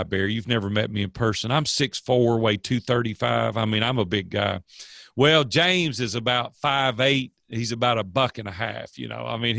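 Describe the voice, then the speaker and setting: A man's voice: mid-range voice, gravelly, a bit bright, no echo, clean studio sound. An older man, a coach and guest, telling stories in a casual interview with an earnest, preachy manner.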